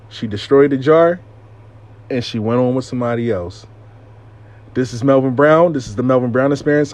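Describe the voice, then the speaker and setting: Hosting a relaxed storytime, this man narrates with lots of energy and plenty of profanity, repeatedly saying "I lie to you not." His voice is mid-range, and the recording has no echo.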